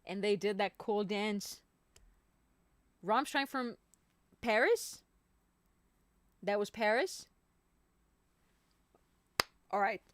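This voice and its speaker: Slow-talking, chatty woman streamer. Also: medium pitch, dry recording. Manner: chatty and rambling, addresses viewers as "my people". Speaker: singer hosting a live stream. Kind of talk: casual chat with viewers.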